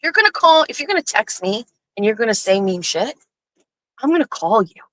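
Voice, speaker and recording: Woman host, lively bright voice, swearing storytime rant, close dry mic. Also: a little high, fairly quick, dry recording, poor audio. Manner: profane, animated, exasperated. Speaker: show host. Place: outdoors, on her pool deck.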